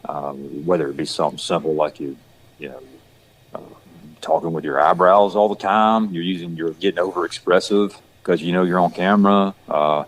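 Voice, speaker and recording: A man's voice: low-pitched, steady tone, normal speed, low-quality recording. A man with a Southern country accent, rambling in a casual chat with many restarts and fillers. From rural Georgia, west of Atlanta. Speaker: actor guest.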